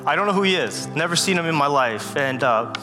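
A man giving a guest sermon, telling a personal story in an earnest, halting way with many fillers, close to tears. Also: a little high, animated. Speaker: guest speaker. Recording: long hall reverb with loud music.

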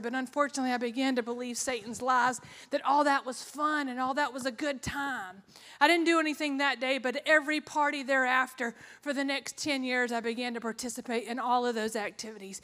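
A woman's voice: high voice, steady tone, brisk, fairly bright tone. A woman giving an earnest personal testimony, telling her story with quoted asides in an echoey hall.

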